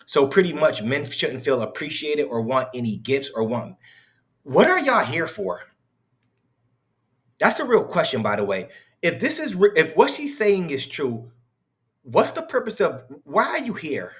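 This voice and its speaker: A man's voice: fairly high pitch, very animated, measured pace, a bit bright. A man hosting a reaction commentary, mocking and incredulous, heated and profane as he talks back to a clip. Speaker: commentary host reacting to clips.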